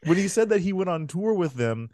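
Animated, swearing man with a lively voice. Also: sits high, brisk, no room sound, studio quality. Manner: animated, swearing, laughs often. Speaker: podcast co-host. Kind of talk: casual movie recap chat.

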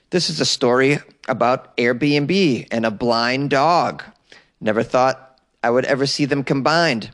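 A man's voice: mid-range voice, a little slow, a bit bright. An American man hosting a comedy news podcast, reading odd stories with sarcastic asides and laughing at his own jokes. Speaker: podcast host. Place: small closet.

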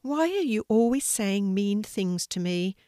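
Sad little squirrel sis, a woman voicing her, soft and hurt, dry close sound. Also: mid-range voice, sing-song, unhurried, dry recording.

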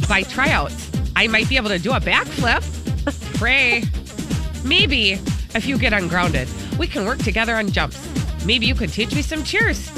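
A chirpy teenage girl, put on by a woman, reads a note in a broad, put-on Chicago-Fargo accent. Her voice sits a touch high and leaps around in sing-song swoops. Loud music plays underneath. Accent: put-on Chicago and Fargo mix. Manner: exaggerated, sing-song delivery. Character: teen girl pen pal, bubbly, thick Midwest accent. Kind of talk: reading a note aloud in character.

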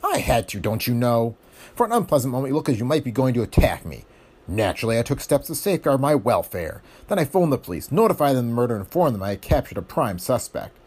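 A haughty, venomous villain from a pulp detective story, as a man narrating puts him on. He speaks in a pompous, sneering, prissy way, with a husky tone and a pitch that jumps around. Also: very animated, fast talker, darkish tone.

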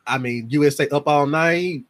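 A man's voice: on the high side, normal speed. A man in his forties, a podcast guest, telling stories in a casual chat and slipping into his family's voices. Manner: lively storyteller who acts out family members' voices.

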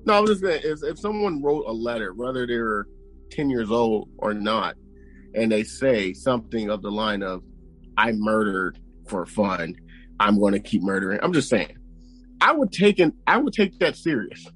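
A man's voice: medium pitch, very animated, moderate pace, fairly bright tone, husky, low-quality recording. Brief: man, casual podcast co-host, emphatic, faint music underneath. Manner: emphatic, reacts with short exclamations.

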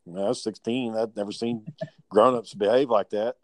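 A man's voice: lowish voice, fairly even intonation, normal speed, a little mellow, no room sound. A young man, telling rambling, profane family stories in casual chat with his brother.

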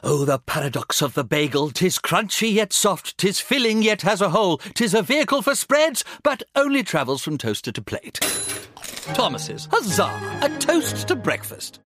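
Man as a pompous ad philosopher: high, sweeping, old-fashioned declaiming over soft music. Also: big pitch swings, normal speed, full character voice. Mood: grandiose. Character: pompous male bagel philosopher in an ad. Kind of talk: theatrical ad reading.

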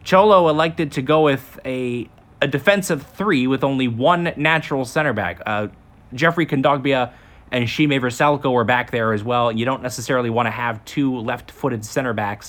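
A man's voice: mid-range voice, normal speed, fairly bright tone. Man hosting a soccer chat show. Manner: presenter-like, recaps then hands questions to co-host. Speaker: podcast host. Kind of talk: sports talk podcast chat.

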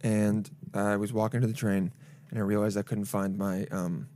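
A young adult man chatting casually as a co-host. He agrees quickly, laughs along, and acts out the voices of people in his stories. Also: lowish voice, flat delivery, mellow, slight background noise. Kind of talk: casual chat.

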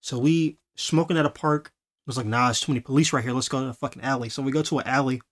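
A man hosting a podcast, telling a story in a casual, animated way. He laughs often and acts out the voices of the people he quotes. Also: medium pitch, quick pace. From Los Angeles. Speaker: podcast host.

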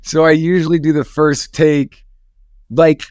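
A man co-hosting a podcast, chatting casually in a relaxed, reflective way. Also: fairly high pitch, measured pace, smooth, no room sound, clean studio sound. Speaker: podcast co-host. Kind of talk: casual chat.

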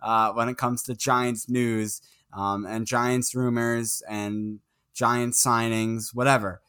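A young man co-hosts a casual sports podcast, rambling through roster talk with plenty of ums and quick chuckles. His voice is bright and forward, and his tone is clean and smooth. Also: mid-range voice, little pitch movement. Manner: rambling, filler-heavy, chuckling. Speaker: podcast co-host.

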